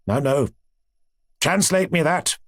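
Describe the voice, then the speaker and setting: A man's voice: on the high side, slow pace, no room sound. A man voicing a stern, pompous male professor who scolds in a clipped, condescending way. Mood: impatient.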